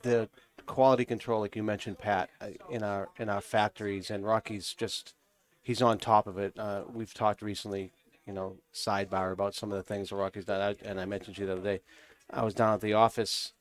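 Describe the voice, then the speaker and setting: A man with a New England accent talks casually on a cigar podcast, rambling through stories and laughing easily. His voice sits low. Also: little pitch movement, fairly quick. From New Hampshire. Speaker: podcast co-host from a cigar company. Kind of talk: casual chat.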